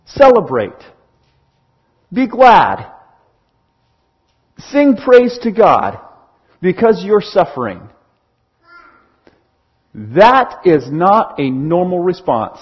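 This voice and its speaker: Lively, husky-voiced male preacher. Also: high-pitched, extremely slow, pauses often, dull audio. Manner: animated, acts out little scenes. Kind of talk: sermon.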